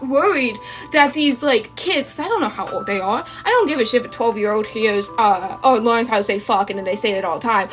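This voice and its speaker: A woman's voice: high voice, bright, forceful tone, poor audio. A young woman streamer chatting casually while she draws, rambling through a story and acting out the voices of the people in it. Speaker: art streamer. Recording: faint lofi music behind. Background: faint lofi music.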